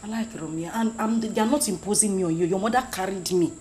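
A woman's voice: mid-range voice, fast, a little mellow, a little hiss or hum, natural voice, poor audio. Woman playing a stammering, lovesick young woman. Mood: pleading. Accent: Nigerian. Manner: stammering, pleading. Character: young woman pleading for a prince's love.

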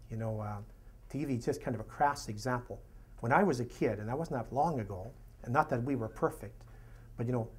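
A man in middle age delivers a sermon in a relaxed, conversational style, often dropping in "you know" asides as he talks. His voice is husky and sits at an ordinary pitch for a man.

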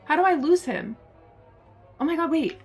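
A young woman streaming a horror game live, excitable, swearing and laughing often. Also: high voice, normal speed, faint music behind. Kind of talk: live gameplay commentary.

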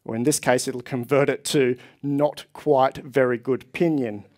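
A man's voice: mid-range voice, steady tone, measured pace, darkish tone. A man presenting at a tech conference, explaining with enthusiasm to a live audience. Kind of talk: conference talk. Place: conference hall.

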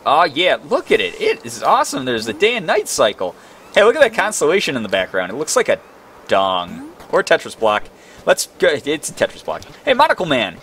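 A young man commentating a video game, excitable and quick to exclaim. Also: on the high side, slight background noise. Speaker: gaming video host. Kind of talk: let's play commentary.

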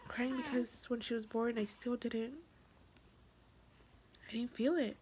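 A young woman vlogger speaking through tears in an emotional confessional vlog, halting and repeating herself, often dropping to a whisper. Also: fairly high pitch, fairly even intonation, darkish tone, slight background noise. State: tearful.

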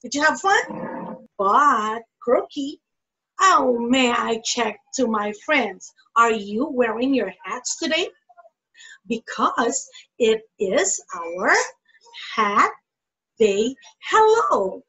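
A woman preschool teacher talking in a bright, exaggerated sing-song way to young children. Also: fairly high pitch, lively intonation, extremely slow, breathy edge, dull audio. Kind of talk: playful lesson for young children.

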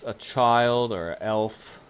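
A man narrating as game master, measured and hesitant, with frequent fillers. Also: mid-range voice, smooth.

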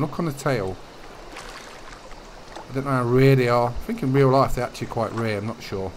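A young man giving relaxed, chatty commentary over a fishing video game, sharing tips as he plays. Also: medium pitch, slight background noise. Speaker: gaming YouTuber. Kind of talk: casual gameplay commentary.

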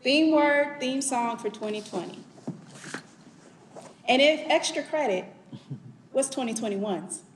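A woman's voice: a little high, animated, a little slow, long pauses, slight background noise. A woman moderating a panel discussion, upbeat and casual as she addresses the panel and audience. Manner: upbeat, casual, uses y'all. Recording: echoey room.

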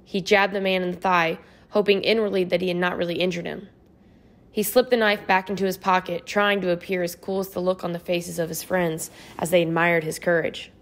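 A woman narrating an audiobook in a steady, measured storytelling voice. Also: on the low side. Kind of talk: scripted narration.

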